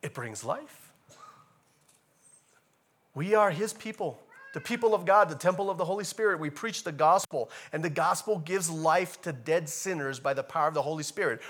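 A man preaching a sermon in a casual, animated way, repeating key phrases and rising to loud emphatic bursts. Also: fairly high pitch, normal speed. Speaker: pastor.

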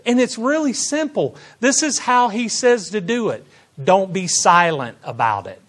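A man delivering a sermon in a fairly high voice. He takes his time, drawing out words. Quiet, intimate asides give way to loud, ringing exclamations of praise. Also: lively intonation, unhurried. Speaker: pastor.

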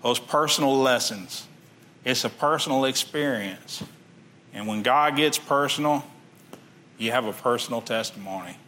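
A man's voice: mid-range voice, normal speed, sharp tone, slight background noise. A man preaching a sermon, reading scripture aloud and then explaining it in plain everyday talk.

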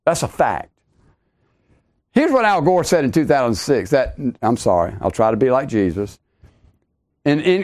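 A man's voice: mid-range voice, a little mellow. A middle-aged man preaching a podcast sermon, emphatic, repeating his key lines and rising sharply on exclamations.

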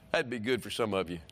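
A middle-aged man preaching a sermon, animated and repetitive, telling stories with sudden shouts. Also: medium pitch, slight background noise. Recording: long hall reverb.

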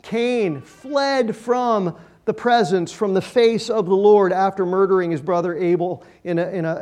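A pastor with a high-pitched voice preaches a sermon from the pulpit. His delivery is emphatic, building to loud passages before falling away almost to silence.

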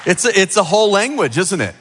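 A middle-aged pastor leads a sermon in a church sanctuary, talking in a chatty way and checking in with the room often. His voice sits slightly high for a man, and a long hall reverb trails after each phrase. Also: sing-song, a little fast, fairly bright tone, a faint crowd, slight background noise. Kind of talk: sermon with a children's object lesson.

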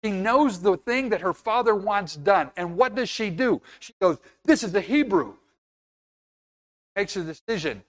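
A man's voice: sits high, expressive, moderate pace, hardly any pauses, a bit bright. A man preaching a sermon in an earnest, conversational way, now and then acting out little scenes.

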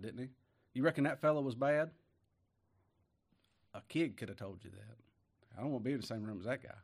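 A man preaching a sermon, folksy and emphatic, rising to loud declamation when he reads scripture. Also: medium pitch.

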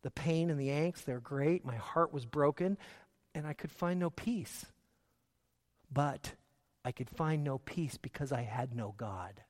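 High-voiced man preaching in a reverberant hall. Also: a little slow. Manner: earnest, emphatic, shifting between loud stresses and quiet low asides. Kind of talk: sermon.

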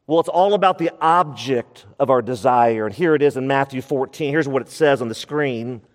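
Preaching man in a reverberant hall. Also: medium pitch. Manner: expressive preaching, slows down for emphasis, voices scripture quotes. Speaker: pastor. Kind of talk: sermon.

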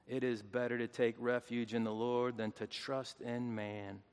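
A man preaching a sermon as pastor, swinging between hushed, tender lines and loud, fervent calls. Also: mid-range voice, flat delivery, measured pace, few pauses, clear, resonant tone. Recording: long hall reverb.

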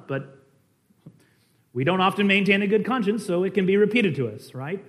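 A male preacher with a somewhat high voice teaches in a conversational sermon style. He stresses points emphatically, then drops into quiet asides, with frequent fillers and restarts. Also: expressive, moderate pace. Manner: swings between emphatic and quiet.

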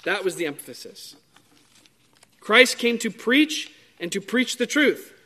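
A man preaching a sermon in a measured, emphatic way, drawing out key words. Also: high-pitched, big pitch swings, pushed and bright.

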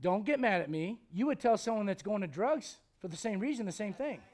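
A male pastor preaching a blunt, confrontational sermon, swinging from loud outbursts to hushed intensity. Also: high-pitched, lively intonation, fairly quick.

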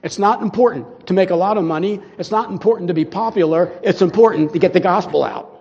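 An older man gives a loose, chatty sermon with a fairly high voice, wandering off track and playing out short exchanges with made-up listeners. The sound is dull and muffled and rings in a long hall echo. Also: fast talker, a little mellow. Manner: rambling, conversational, acts out little dialogues. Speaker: preacher. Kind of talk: informal sermon.

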